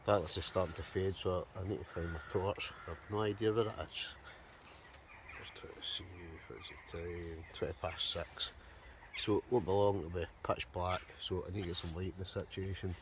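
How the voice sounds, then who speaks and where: Low-voiced Scottish man camping outdoors. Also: steady tone, normal speed, a bit bright, low-quality recording. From Scotland. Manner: chatty, talking to himself and the camera. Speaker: wild camping vlogger. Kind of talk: casual solo camping vlog. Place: outdoor campsite in the countryside. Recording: outdoor recording with background noise.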